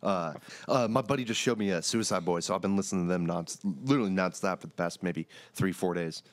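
A man's voice: sits low, fast, no room sound. A man appearing as a podcast guest, chatting casually in a rambling way with many fillers. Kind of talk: casual conversation.

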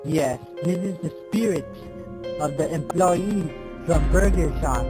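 A man voicing a vengeful ghost in a game video, stretching out threats slowly. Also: fairly high pitch, over music, close to an everyday voice. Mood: menacing. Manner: drawn-out, slow threatening lines. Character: vengeful male ghost of a burger worker, menacing. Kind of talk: improvised game machinima.

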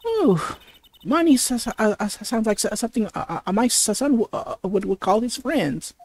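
A gamer voicing a stern middle-aged mob boss's wife in an attempted husky voice, blunt and intimidating, with heavy stutters while reading game dialogue aloud. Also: medium pitch, big pitch swings, moderate pace, a little mellow. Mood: suspicious.

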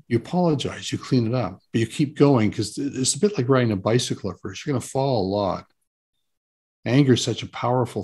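A man's voice: medium pitch, a little mellow, breathy edge. A man speaking as a guest in an interview, earnest and emphatic, often repeating words for stress. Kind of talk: relaxed interview talk.

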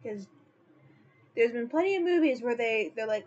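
Woman streamer, fairly high voice, rambling and opinionated chat with lots of "like", muffled lo-fi mic. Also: animated, normal speed, darkish tone. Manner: rambling and opinionated, heavy use of "like". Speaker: artist streaming her drawing. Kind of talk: casual livestream chat.

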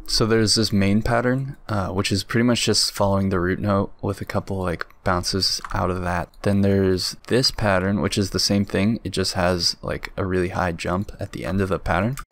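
A young beat producer casually walks through how he built a beat, laid-back and rambling, with plenty of filler words. His voice is low and steady, at a moderate pace with hardly any pauses. Music plays faintly underneath this tutorial walkthrough.

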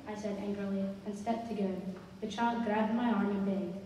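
A woman giving a slow, expressive dramatic reading of a ghost story. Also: medium pitch, slight background noise. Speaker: story reader. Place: school concert hall. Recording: echoey hall from far off, faint ambience.

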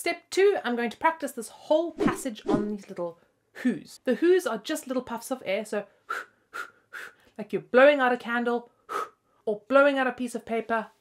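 A woman's voice: on the high side, normal speed. A young woman with hiccups hosting a bubbly flute lesson video and laughing at herself, with flute playing between her phrases. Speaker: flute teacher and host.

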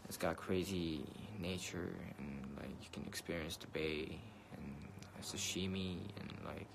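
A man's voice: sits low, steady tone, measured pace, creaky, background noise. A young man, a rapper, chatting casually on a phone livestream, reading comments, swearing and laughing easily, switching between English and Korean. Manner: loose and slangy, swears, laughs often, mixes in Korean. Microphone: phone mic.

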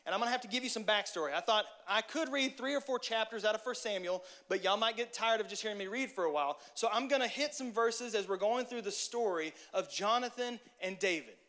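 High-voiced, lively preacher man. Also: fast, hardly any pauses. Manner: lively, joking, talks straight to the audience. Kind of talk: casual sermon.

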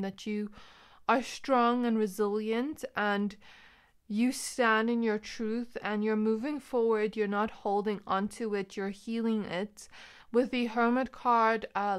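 A woman's voice: mid-range voice, clear, resonant tone. A young woman giving a pick-a-card tarot reading, talking in a loose, rambling way with many fillers. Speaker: tarot reader.

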